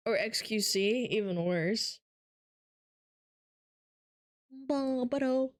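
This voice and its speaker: Slow, playful higher-voiced woman streamer. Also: lively intonation, dry recording, clean studio sound. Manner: playful, teasing, giggly. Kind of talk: casual chat reading live comments.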